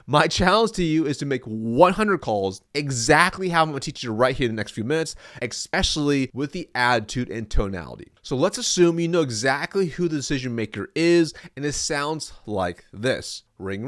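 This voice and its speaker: Confident, direct male sales trainer. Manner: confident and direct, drops to a low firm tone for example lines. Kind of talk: scripted teaching monologue.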